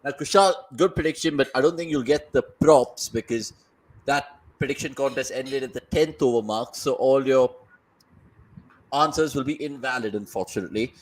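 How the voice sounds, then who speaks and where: A man hosting a casual cricket watchalong from home over a video call, reading viewer comments aloud in quick, upbeat banter. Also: medium pitch, rough recording. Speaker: watchalong host.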